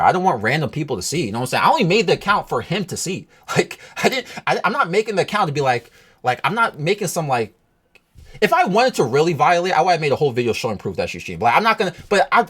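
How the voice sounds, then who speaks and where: A vlogger tells a breakup story in a loose, rambling rant, swearing freely and asking the listener over and over whether they follow. The voice is husky and a little rough. The pitch swings widely from low, weary mutters to sharp high peaks. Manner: rambling, profane, keeps asking "you know what I'm saying".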